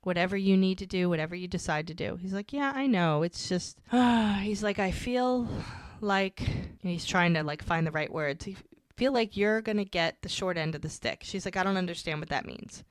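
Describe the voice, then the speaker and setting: A woman's voice: fairly low pitch, animated, normal speed, no echo, studio quality. Woman podcaster retelling a scene. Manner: retells scenes with quoted dialogue. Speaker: podcast co-host. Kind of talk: casual recap chat.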